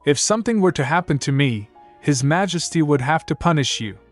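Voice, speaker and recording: A man putting on a shrill scheming young mistress. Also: lively intonation, fairly quick, faint music behind, natural voice.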